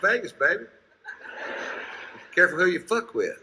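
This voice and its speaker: A man's voice: sits high, sing-song, moderate pace. A man doing stand-up comedy, telling a profane story and putting on voices for the people in it. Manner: profane, storytelling with put-on quotes. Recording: played stand-up clip with loud crowd noise. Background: audience laughter.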